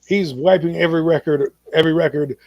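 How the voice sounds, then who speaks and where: A middle-aged man with a notably high voice argues his case in a heated sports chat, pressing and repeating his points. The recording is dry and close, with almost no room sound. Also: steady tone, fast, creaky, a little mellow, dry recording, muffled recording. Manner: emphatic, lecturing, repeats points. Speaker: podcast co-host. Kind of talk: heated casual sports debate.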